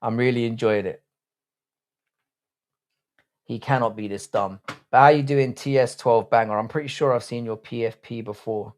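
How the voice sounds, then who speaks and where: A man's voice: medium pitch, steady tone, normal speed, pauses often, a little mellow. A young English man hosting a livestream, reading chat aloud and bantering in a blunt, crude, rambling way with frequent restarts. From England. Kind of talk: casual live-stream chat.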